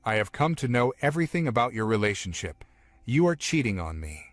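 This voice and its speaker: A man's voice: fairly low pitch, big pitch swings, brisk, no room sound. A narrator voicing a blunt, defiant young man in a comic story, speaking curtly and with scorn. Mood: scornful. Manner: curt and scornful.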